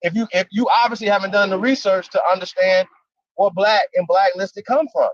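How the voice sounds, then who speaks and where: Livestream guest, male, high-pitched, slangy and emphatic, dry lo-fi audio. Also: steady tone, brisk, dry recording. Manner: emphatic, slangy, full of rhetorical questions. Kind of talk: casual heated debate talk. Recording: dry, dull lo-fi stream audio.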